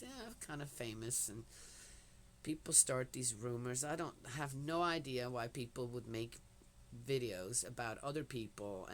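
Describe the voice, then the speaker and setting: A woman's voice: rumbling low, a little hiss or hum. An older woman chatting in a meandering, talkative way, drifting between personal stories and Bible commentary and often dropping in little "yes" asides. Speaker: vlogger. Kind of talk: rambling casual chat and Bible commentary.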